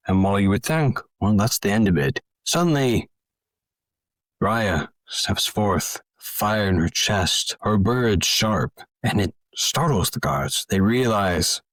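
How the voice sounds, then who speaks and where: Theatrical game master man, low voice. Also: a bit bright, no room sound. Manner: theatrical, addresses listeners. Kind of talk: narrating a tabletop game.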